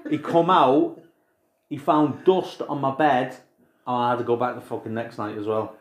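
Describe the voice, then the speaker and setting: A man's voice: mid-range voice, moderate pace. A man spins army stories on a casual podcast, swearing as he goes. His voice sits in the middle range. It rings a little in a roomy space. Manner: swears freely, animated storyteller. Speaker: podcast co-host. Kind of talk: casual chat. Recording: roomy echo.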